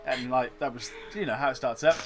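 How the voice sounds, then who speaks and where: A man's voice: medium pitch, brisk, fairly bright tone, faint music behind. A man co-hosting a game playthrough, rambling and joking in casual chat. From Britain. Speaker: let's play co-host. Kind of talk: casual chat over gameplay.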